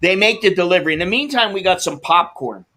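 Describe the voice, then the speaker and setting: A man's voice: sits high, animated, fast talker, sharp tone. A man hosting a livestream, telling a frustrating delivery story and reading comments, swearing and acting out both sides of the calls. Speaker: livestream host.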